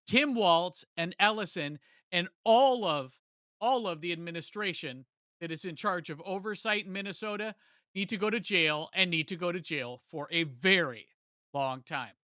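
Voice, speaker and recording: High, bright-voiced emphatic male commentator. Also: a little slow, smooth, dry recording, clean studio sound. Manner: emphatic, indignant. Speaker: political commentary host. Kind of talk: opinionated political commentary.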